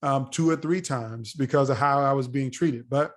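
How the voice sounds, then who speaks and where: A man's voice: mid-range voice, normal speed. A middle-aged man from the United States telling a story as a podcast guest, acting out the voices of the people he quotes. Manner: animated, acts out quoted voices. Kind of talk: storytelling in a casual interview.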